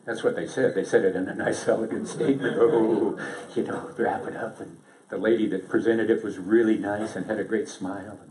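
Lively man lecturing in an echoey room. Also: lowish voice, a little fast. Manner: lively, joking, conversational. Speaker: presenter. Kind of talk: seminar presentation to an audience. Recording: echoey room, distant mic.

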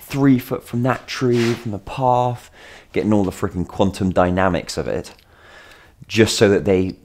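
A man's voice: low-pitched, a little mellow. A man telling a long, rambling anecdote in a casual vlog, full of self-deprecating jokes and asides. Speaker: vlogger.

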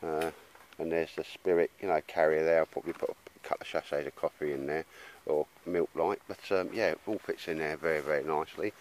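Deep-voiced bloke vlogging outdoors. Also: male voice, steady tone, fairly quick, few pauses. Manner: blokey, rambling, says "mate" a lot. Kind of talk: casual chat to camera in the woods. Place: woodland outdoors. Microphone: handheld camera.

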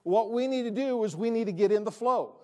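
High-voiced preaching man. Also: brisk, dark tone. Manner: emphatic preaching, repeating key phrases. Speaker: pastor. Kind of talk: sermon. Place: church sanctuary.

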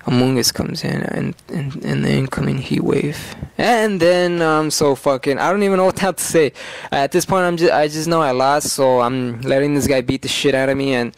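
A man's voice: mid-range voice, normal speed, creaky, no echo. A man talking casually over a game video, hyper and rambling, swearing freely. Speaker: gaming YouTuber. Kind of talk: game commentary.

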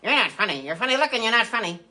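A man voicing Jerry, a squeaky cheeky dummy. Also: sing-song, racing, pushed and bright, exaggerated voice. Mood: mocking. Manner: squeaky, teasing. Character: cheeky wisecracking boy ventriloquist dummy.

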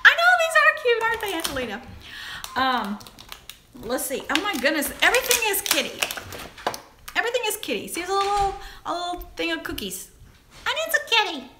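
A woman's voice: fairly quick, pauses often, heavy background noise. A woman hosting a casual live chat, reading viewer comments aloud and gasping and squealing over small toys. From Southern United States. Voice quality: giggly, exclamatory, high and animated. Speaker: live stream host.

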